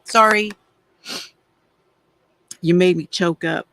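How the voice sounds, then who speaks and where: A woman's voice: medium pitch, a little slow, vocal fry, a bit bright, no echo. A middle-aged woman hosting a craft livestream, chatting casually and confidingly while she colors, with frequent sighs. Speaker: craft channel host.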